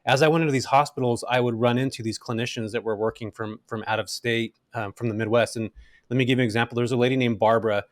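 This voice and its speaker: Fast-talking, animated middle-aged man. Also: mid-range voice, no echo, studio quality. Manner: animated, casual, many fillers like "man". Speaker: guest, rental investor. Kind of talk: energetic storytelling interview.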